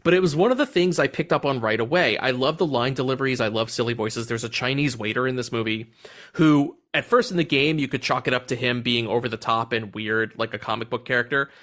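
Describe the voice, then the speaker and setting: A man's voice: medium pitch, fast, a bit bright. A man hosting a movie podcast, chatting casually and animatedly, swearing now and then and laughing often. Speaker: podcast host. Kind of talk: casual movie review chat.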